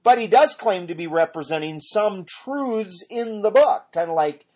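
Husky-voiced man rambling through Bible teaching. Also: high-pitched, lively intonation, unhurried, a little mellow. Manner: rambling and digressive, often correcting himself. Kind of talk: informal Bible study teaching.

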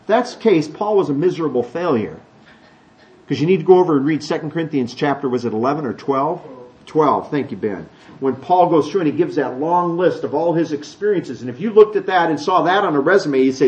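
A man with a high voice preaches a sermon to a congregation. He talks in a chatty way, asks the room questions and acts out the voices he quotes. The recording sounds a bit dull and lo-fi. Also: lively intonation, brisk, darkish tone. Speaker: pastor. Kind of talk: sermon teaching. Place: church with a congregation.

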